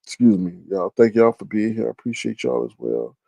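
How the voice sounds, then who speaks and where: A man's voice: fairly low pitch, sing-song, brisk, gravelly, dark tone, no room sound. A man hosting a casual livestream, teasing and greeting chat viewers by name. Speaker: livestream host.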